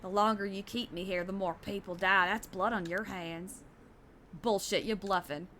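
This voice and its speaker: A woman voicing a cold, taunting male fugitive villain in game dialogue, with a slow, sinister delivery. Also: mid-range voice, fairly even intonation, sharp tone, slight background noise, voice pushed down, natural voice. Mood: menacing. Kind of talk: game dialogue read aloud.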